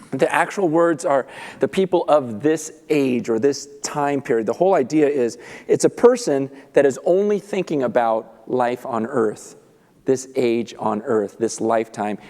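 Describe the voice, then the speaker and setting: A man preaching a sermon, telling a story with animated delivery and acting out the characters' lines. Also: a little high. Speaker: pastor. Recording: long reverb of a large hall.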